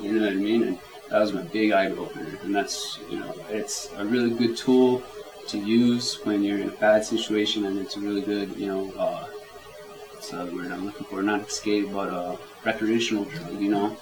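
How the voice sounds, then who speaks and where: A man speaking as an interview guest in a relaxed, rambling way, with many fillers. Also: on the low side, moderate pace, low-quality recording. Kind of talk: casual conversational interview. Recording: crowd chatter clearly audible behind.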